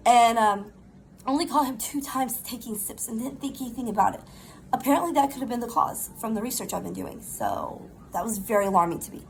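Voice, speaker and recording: A middle-aged woman, chatting casually in a rambling, animated storytime while recovering from pneumonia. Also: a little high, moderate pace, a little hiss or hum, poor audio. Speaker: vlogger.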